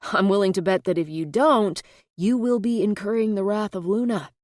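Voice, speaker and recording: A woman's voice: mid-range voice, normal speed, a little mellow, dry recording, studio quality, close to an everyday voice. A woman narrator reading the lines of an amused older brother who ribs his sister, mostly in her own voice. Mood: wry.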